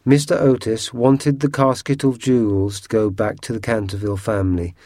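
A man narrating a storybook audiobook in a measured, unhurried way. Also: on the low side, fairly even intonation, mellow, dry recording, clean studio sound.

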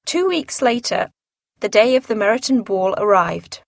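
A woman reading a classic novel aloud as an audiobook narrator, in a measured, clear storytelling manner. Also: medium pitch, very animated, no echo, clean studio sound.

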